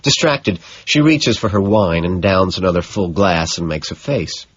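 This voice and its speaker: A man narrating a first-person audiobook in a measured, even way. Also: sits low, slightly rough. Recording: dull, dry lo-fi audio.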